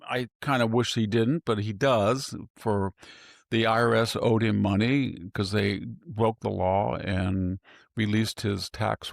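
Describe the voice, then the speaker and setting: An older man talks in an interview, driving home his points with emphatic repetition and rhetorical questions. His voice sits low with a gravelly edge. The sound is close and dry. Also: dry recording. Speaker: political commentator guest. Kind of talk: opinionated interview talk.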